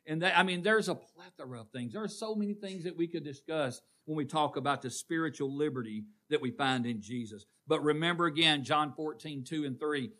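A man's voice: fairly high pitch, fairly quick, few pauses, pushed and bright. A man preaching a call-and-response sermon in a church, quizzing the congregation. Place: church sanctuary.

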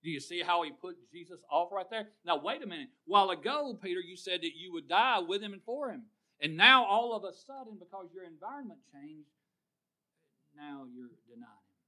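A man preaching a sermon, drawing call-and-response from his congregation and swinging from loud to hushed. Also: sits high, lively intonation, a little fast.

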